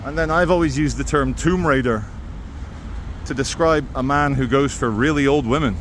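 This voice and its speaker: A man's voice: mid-range voice, normal speed, fairly bright tone, a little hiss or hum. A man, narrating a walking street vlog in a wry, sardonic tone. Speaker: street vlogger. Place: outdoors on city streets.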